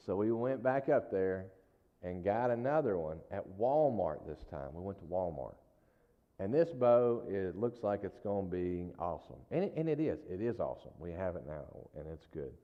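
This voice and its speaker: A man's voice: sits low, sing-song, normal speed. A man preaching in a casual, folksy storytelling style, with frequent asides to the congregation. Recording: dull lo-fi sound with long hall reverb.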